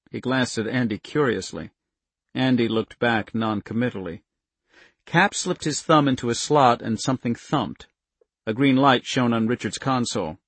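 A man narrating an audiobook in a steady, measured way on a close mic. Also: medium pitch, husky, dry recording.

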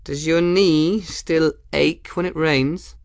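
A man's voice: on the high side, fairly even intonation, slow, no echo, studio quality, voice pushed up. A man voicing a playful, flirtatious female sky-pirate captain with a merry, mocking manner in an audiobook. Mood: teasing. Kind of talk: audiobook character voice.

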